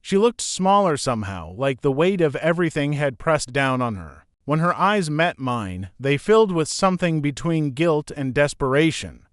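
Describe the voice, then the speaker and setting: A man in his thirties reading a scripted first-person story in a measured, dramatic way with pauses. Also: fairly high pitch, lively intonation, clear, resonant tone, no echo, clean studio sound. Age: 30s.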